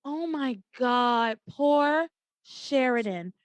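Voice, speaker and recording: A young woman hosting a podcast, casually retelling soap opera scenes and acting out the characters' lines in a high, dramatic voice. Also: very slow, clear, resonant tone, no echo. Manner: animated storytelling, acts out quotes in a high dramatic voice. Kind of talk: casual chat.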